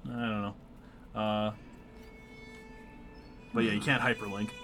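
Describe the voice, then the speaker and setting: A man's voice: lowish voice, level tone, unhurried, fairly bright tone, faint music behind. A man co-hosting a casual live stream, rambling with many fillers and restarts and reading chat comments aloud. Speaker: streamer co-host.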